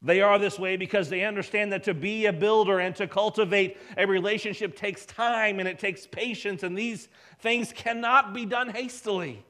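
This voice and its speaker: A man with a high voice preaching a sermon. He is emphatic, and he often sinks his voice low and quiet to drive a point home. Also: steady tone, moderate pace, few pauses. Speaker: pastor.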